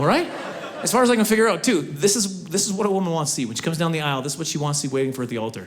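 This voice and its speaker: A man's voice: a little high, racing, few pauses. A man in his forties doing stand-up comedy on a stage, self-mocking and talking straight to the audience. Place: theater stage before a live audience.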